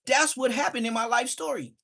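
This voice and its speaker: An extremely high-pitched, creaky male voice moves fairly quickly as this livestream host spins casual street stories. He performs them with animation, putting on the voices of the people in them.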